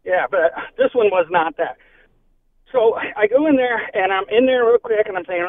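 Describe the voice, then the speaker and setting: A man's voice: high voice, animated, a little fast. A man calling in to a talk radio show, telling a rambling story. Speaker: caller. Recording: tinny phone line with faint noise.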